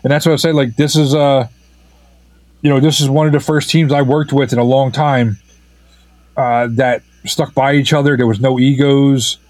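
A filmmaker being interviewed, who talks in a halting, casual way, full of fillers and restarts. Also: male voice, medium pitch, fairly even intonation, darkish tone, no echo, rough recording. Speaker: filmmaker guest.

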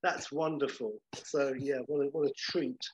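A man's voice: mid-range voice, fairly even intonation, moderate pace, husky. A man co-hosting a podcast, chatting casually and with enthusiasm, full of fillers. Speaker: podcast co-host. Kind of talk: casual chat. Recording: muffled lo-fi audio.

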